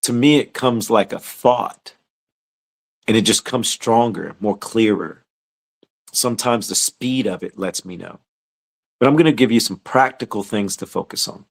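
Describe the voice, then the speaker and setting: A man's voice: on the low side, a little slow, vocal fry. A man teaching a scripture study, talking through how to discern inner thoughts and prayer, often acting out quoted prayers, and rising into urgent exhortation. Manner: builds from calm conversational teaching to raised, urgent exhortation. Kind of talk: preaching scripture study talk.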